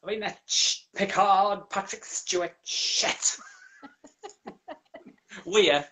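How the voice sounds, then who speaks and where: A man's voice: sits high, animated, drawn-out words, pushed and bright. A man with an English accent hosting a casual video-call interview as a drag queen, cheeky and sweary, laughing often. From England.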